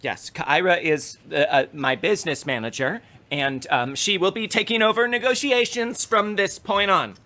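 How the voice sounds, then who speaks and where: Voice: medium pitch, moderate pace, few pauses, sharp tone. A player in a tabletop game, chatting in a bubbly, talkative way. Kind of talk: tabletop role-play chat.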